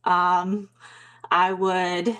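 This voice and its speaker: A woman's voice: lowish voice, completely flat delivery, very slow, fairly bright tone, smooth. A young woman from Alabama with a Southern accent, speaking as an interview guest in a hesitant, reflective way with many fillers and restarts. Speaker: mindset coach, guest. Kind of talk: casual interview talk.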